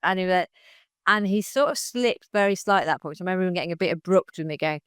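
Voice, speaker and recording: A woman's voice: on the low side, quick pace, clean tone, no room sound, clean studio sound. A woman, a guest on a podcast recounting her story and acting out other people's lines as she goes. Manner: animated retelling that acts out other people's lines. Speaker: interview guest.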